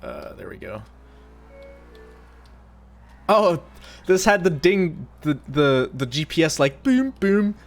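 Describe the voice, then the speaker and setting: Male streamer, casual rambling commentary, lively pitch, profane. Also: slow pace, pauses often, faint music behind. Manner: rambling, swearing, excitable.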